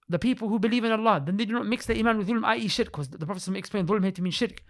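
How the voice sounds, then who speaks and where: A man talking with emotion in a religious podcast discussion, repeating himself for emphasis, restarting his sentences and reciting Arabic verses in quick bursts. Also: high-pitched. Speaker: podcast speaker.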